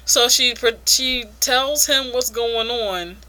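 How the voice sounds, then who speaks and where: A woman's voice: fairly high pitch, slow pace, sharp tone. A woman casually reviewing an adult comic, frank and crude, laughing often.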